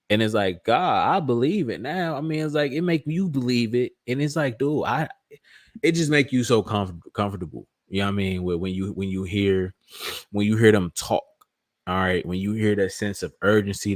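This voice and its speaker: A man hosting a fan channel, giving casual, excitable reaction commentary full of slang and repetition. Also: lowish voice, no echo, clean studio sound. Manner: excitable, repeats himself, slangy.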